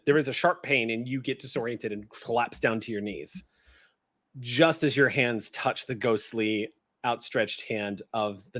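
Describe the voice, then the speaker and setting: A man's voice: medium pitch, fairly bright tone. A man narrating a tabletop horror game as game master, vivid and easy to laugh.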